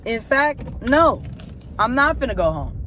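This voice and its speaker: A woman's voice: fairly high pitch, very animated, a little slow, sharp tone. Profane, exasperated woman telling a story from her car. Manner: snaps at traffic while driving. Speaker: teacher. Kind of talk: casual storytime chat. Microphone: phone camera.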